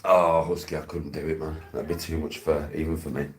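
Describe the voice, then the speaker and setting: A man's voice: a bass voice, flat delivery, fairly quick, a little hiss or hum. A man chatting casually to viewers, swearing often and telling rambling stories.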